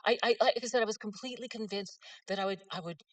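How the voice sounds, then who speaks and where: A woman's voice: mid-range voice, quick pace, no room sound, recorded from a distance. Middle-aged woman, author at a lectern, folksy and self-mocking, voice dry and a bit off-mic. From West Virginia. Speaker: author giving a talk. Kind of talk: humorous storytelling talk.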